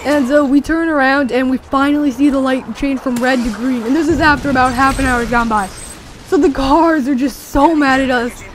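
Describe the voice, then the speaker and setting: A young teenager rambling excitedly through a story with many fillers, talking over gameplay. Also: high-pitched, normal speed, slight background noise. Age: young teen. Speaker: gameplay commentator.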